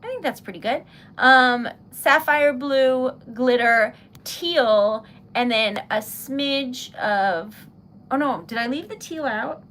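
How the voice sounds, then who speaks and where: A young woman hosting a relaxed livestream, chatting casually with viewers as she crafts, rambling and giggling often. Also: sits high, takes it slowly. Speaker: livestream host. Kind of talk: casual chat while crafting.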